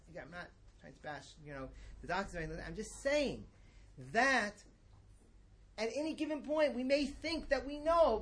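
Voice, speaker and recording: The religious teacher here has a very high-pitched, fairly bright voice. A middle-aged man, he presents a lecture-style lesson that feels conversational, full of digressions and emphatic moments.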